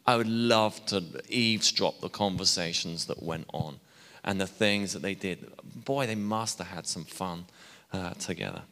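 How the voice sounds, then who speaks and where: A man's voice: deep voice, a little slow, bright, forceful tone. A man preaching a sermon in a chatty way, with asides and self-deprecating laughs. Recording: hall reverb.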